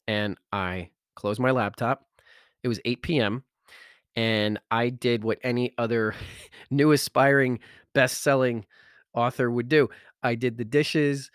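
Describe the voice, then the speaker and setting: A man's voice: mid-range voice, measured pace, clean tone, dry recording. A guy telling his story all worked up, keeps laughing and tripping over words, dry mic. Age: adult, father of school-age kids. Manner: animated, repeats words when moved, laughs often. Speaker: self-help author and speaker. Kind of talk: emotional personal storytelling.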